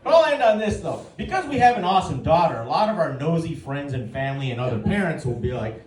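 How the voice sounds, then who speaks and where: A man's voice: on the high side, sing-song, fairly quick, hardly any pauses. A man in his forties doing a stand-up set, telling stories about his family and acting out the other people's lines. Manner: dry, storytelling delivery with acted-out quotes. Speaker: stand-up comedian. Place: comedy stage before a live audience. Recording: roomy stage sound from a distance. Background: audience laughter.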